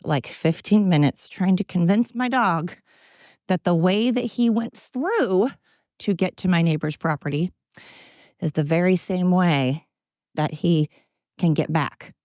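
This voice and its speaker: A woman's voice: fairly low pitch, a little mellow, no room sound. A woman hosting a podcast on her own, talking in a blunt, opinionated, rambling way. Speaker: podcast host. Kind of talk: casual solo monologue. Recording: dry, dull lo-fi sound.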